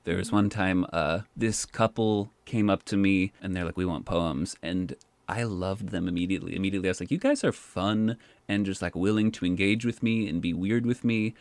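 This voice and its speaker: A man with a lowish voice tells a long anecdote in an easy, chatty way. His speech is full of "like" and quick restarts, and the sound is dry and close with no room in it. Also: no room sound. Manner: animated, says "like" often. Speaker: park poet, guest. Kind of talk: casual storytelling.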